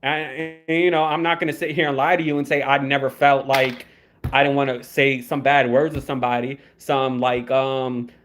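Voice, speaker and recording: A man's voice: mid-range voice, level tone, normal speed, a bit bright. A young man giving casual livestream commentary, rambling, repeating words and swearing freely. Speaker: YouTube commentator.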